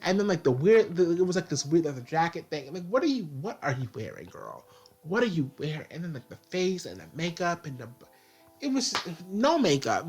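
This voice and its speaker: A man talks through a casual video review in a sassy, exasperated rant, scattering fillers through every thought. His voice sits at an everyday middle pitch. Faint music plays quietly behind him. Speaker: TV show reviewer.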